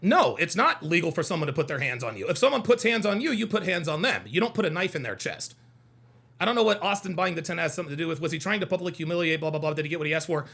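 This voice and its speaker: A man's voice: fairly high pitch, expressive, very fast, a bit bright. A young adult man hosting a call-in livestream, arguing with chat in a combative, mocking way and repeating his points. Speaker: host of a call-in show. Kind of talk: heated livestream commentary, answering chat.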